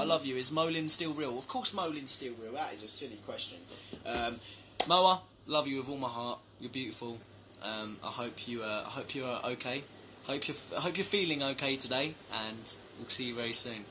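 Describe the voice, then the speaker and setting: A man's voice: medium pitch, brisk, background noise. A young man chatting casually on a live stream, reading out fan names and thanking them for gifts. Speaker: band member live-streaming to fans.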